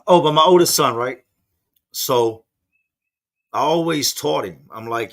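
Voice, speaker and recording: A man in his forties, a podcast host, speaks in a mid-range voice at a measured pace with long pauses. He tells a personal story casually, loose, rambling and slangy, mentioning that he's just woken up and isn't a morning person.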